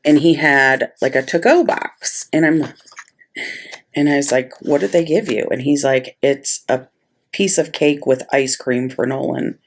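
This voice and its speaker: A woman's voice: very deep voice, measured pace. A middle-aged woman casually telling a story while she plans, chatty and exasperated. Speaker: planner vlogger.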